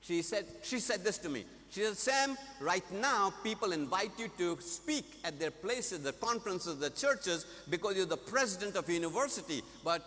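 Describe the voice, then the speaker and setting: A man's voice: high voice, animated, normal speed, hardly any pauses, sharp tone. An older man preaching a sermon, telling a personal story with acted-out dialogue and playful asides. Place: large conference hall. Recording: long hall reverb.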